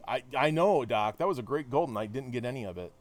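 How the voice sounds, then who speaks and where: A man's voice: medium pitch, lively intonation, quick pace. A man casually commenting on a game he plays live, chatting with his viewers and thinking aloud. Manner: chatty, talks to chat, thinks aloud with restarts. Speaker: streamer.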